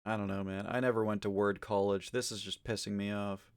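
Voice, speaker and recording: A man streaming live, chatting casually with his viewers, swinging from mumbled asides to loud exasperated ranting, with lots of swearing. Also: fairly low pitch, level tone, fairly quick, smooth, no room sound. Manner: profane, argumentative.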